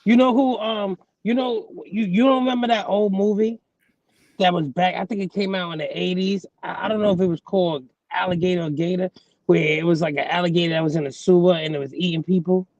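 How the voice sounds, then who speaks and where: A man chatting casually as a podcast co-host, recalling things excitedly. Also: high-pitched, a little fast, dry recording, muffled recording.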